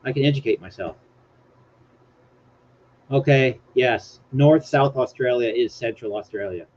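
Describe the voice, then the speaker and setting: A man hosts a laid-back live stream, rambling, poking fun at himself, and reading aloud from his screen. His mid-range voice is a little mellow and a bit slow. The stream audio is dull and lo-fi, with faint hiss.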